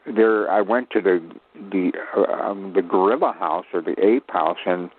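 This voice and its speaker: A man's voice: low-pitched, slight background noise. A man in his eighties from Chicago, a guest telling stories in a rambling, humorous, self-mocking way. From Chicago, USA. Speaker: guest, actor. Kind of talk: rambling anecdotal storytelling. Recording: tinny phone line.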